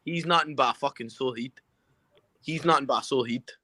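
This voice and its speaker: A man with a Glaswegian Scottish accent, tipsy, taunting and swearing loudly as a rowdy guest on a comedy podcast. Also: mid-range voice, a little fast, no echo. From Scotland. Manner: brash, profane, taunting. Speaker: call-in guest.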